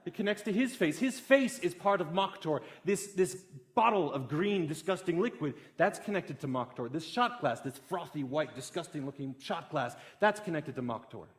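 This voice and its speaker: A young man giving a public talk, telling a story with growing excitement. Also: on the high side, moderate pace. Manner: animated, builds excitement through a story.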